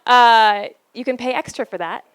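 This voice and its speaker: A woman giving a storytelling talk to a live audience about relationships, playful and laughing often, with dramatic pauses. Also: on the high side, clean tone, no room sound.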